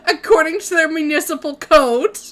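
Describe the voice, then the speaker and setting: A woman's voice: sits high, moderate pace, bright, forceful tone, slight background noise. A woman hosting a casual podcast, reading out odd laws and laughing along. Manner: reads out lists, laughing. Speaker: podcast host. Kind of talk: casual chat.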